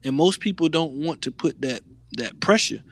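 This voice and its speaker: A man co-hosting a podcast, talking in a slangy, animated way with lots of restarts. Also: on the high side, moderate pace. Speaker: podcast co-host. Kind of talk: casual chat.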